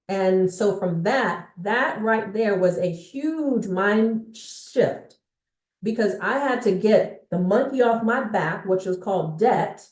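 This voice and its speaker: A woman's voice: mid-range voice, darkish tone. Emphatic woman coaching in an echoey room. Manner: emphatic, checks in often with the audience. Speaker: sales and business coach. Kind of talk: motivational coaching talk to viewers. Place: indoor room with a bookshelf behind her.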